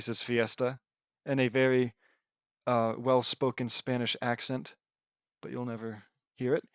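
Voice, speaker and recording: A man's voice: mid-range voice, measured pace, dry recording. A man reading a fan fiction aloud in a casual way, breaking off to joke and laugh about the text. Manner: reads quoted battle cries, then breaks off with joking asides and laughs. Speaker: audiobook reader reacting to a fan fiction. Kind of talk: casual read-aloud with commentary.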